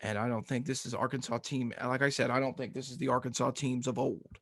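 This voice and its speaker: A man's voice: mid-range voice, flat delivery, fairly quick, no room sound, clean studio sound. A man co-hosting a casual sports podcast, ranting with energy and laughing often. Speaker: podcast co-host.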